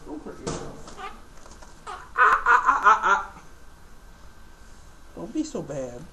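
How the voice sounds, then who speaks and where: A man's voice: high voice, wildly swooping pitch, slow pace, background noise. Man baby-talking his pet birds. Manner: sing-song baby talk to pet birds. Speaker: pet bird owner filming his birds. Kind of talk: casual home video chat.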